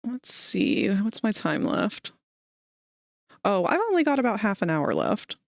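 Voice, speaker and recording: Lively, playful woman streamer. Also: mid-range voice, unhurried, vocal fry, dry recording, clean studio sound. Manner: playful, laughing, reads out follower alerts. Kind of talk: casual chat.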